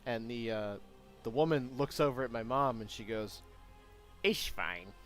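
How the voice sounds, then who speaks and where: A man live-streaming his game programming, chatting casually and talking to himself, with sudden excited outbursts. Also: mid-range voice, normal speed, soft background music. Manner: rambling, self-talk with sudden excited outbursts. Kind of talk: casual live-stream chat while coding.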